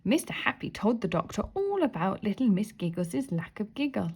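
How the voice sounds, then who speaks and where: A woman reading a children's story aloud with expressive, animated pitch. Her voice is soft and breathy, dropping now and then to a whisper. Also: normal speed. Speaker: story reader.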